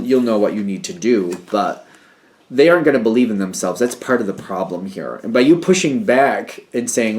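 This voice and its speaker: A man's voice: medium pitch, a little mellow. Rambling male tarot reader. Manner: rambling, intuitive, talks in hunches and energies. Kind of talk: casual tarot reading monologue.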